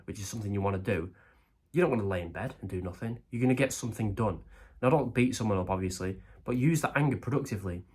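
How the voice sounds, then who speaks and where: A man's voice: lowish voice, breathy edge. A young man giving crude, direct self-improvement advice to camera, firing rhetorical questions and tacking on "right?" and "okay?". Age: young adult. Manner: acts out the brain's voice in quoted asides.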